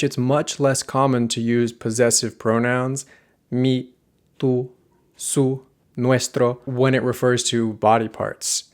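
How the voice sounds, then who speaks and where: A man with a mid-range, darkish voice teaches a language lesson. He explains grammar clearly, step by step, and slows down for example sentences.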